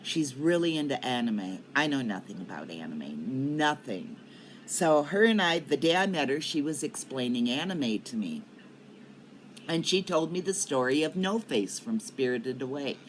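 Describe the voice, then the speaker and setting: A woman's voice: rumbling low, lively intonation, moderate pace, a little hiss or hum. An older woman chatting casually to her viewers in a rambling way, coughing often. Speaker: cannabis vlogger. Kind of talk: casual chat to camera. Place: at home in Colorado.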